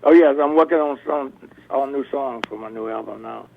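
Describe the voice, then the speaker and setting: An older blues musician talking as a radio interview guest, rambling through stories with many restarts. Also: male voice, medium pitch, brisk, gravelly, slight background noise. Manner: rambling storyteller, restarts often. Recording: tinny phone line.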